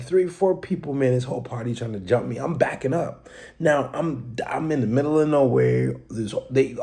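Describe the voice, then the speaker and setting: Gravelly-voiced young man telling stories. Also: medium pitch. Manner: animated, acts out quotes and sound effects; slangy, street talk. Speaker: podcast host. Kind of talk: casual storytelling.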